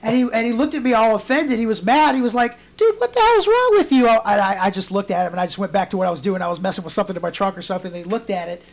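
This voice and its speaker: Male podcast host, casual and profane, an animated storyteller. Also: high-pitched, very fast, hardly any pauses. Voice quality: storytelling, animated voices in quotes, swears freely. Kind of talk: casual chat.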